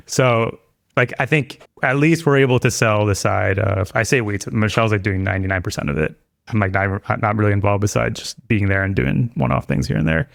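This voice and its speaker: Male podcast guest: low, gravelly, rambling, dry studio sound. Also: fairly quick, no echo. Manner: rambling, many restarts and fillers. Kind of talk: casual chat.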